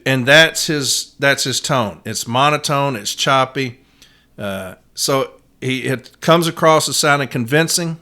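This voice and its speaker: A man's voice: medium pitch, slow pace, sharp tone. A man hosting a podcast, telling a story in a casual monologue and acting out the quotes, with frequent "uh" fillers. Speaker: podcast host, union advocate.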